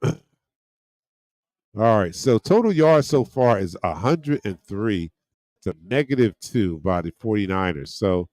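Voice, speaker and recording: Excitable fan calling plays, dry sound. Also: male voice, fairly low pitch, measured pace, long pauses, dry recording. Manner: excited play calls, chatty asides to chat and friends. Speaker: fan watch-along host giving play-by-play. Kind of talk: casual play-by-play commentary.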